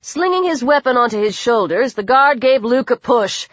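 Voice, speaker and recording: A woman narrating an audiobook in a measured, steady read. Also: fairly high pitch, dry recording. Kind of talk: scripted narration. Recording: dry, dull lo-fi recording.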